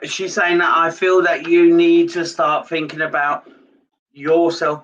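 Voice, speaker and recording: Man, medium on a live stream, rambling and hesitant, bright-edged voice, dull far-off mic. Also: fairly high pitch. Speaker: psychic medium. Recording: dull lo-fi sound from a distance.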